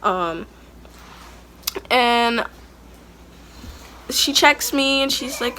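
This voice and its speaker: A woman's voice: on the high side, expressive, drawn-out words, long pauses, pushed and bright, a little hiss or hum. A young woman casually telling a story about her labor in a chatty, rambling way, sometimes breaking off to talk to her toddler. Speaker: vlogger telling a birth story.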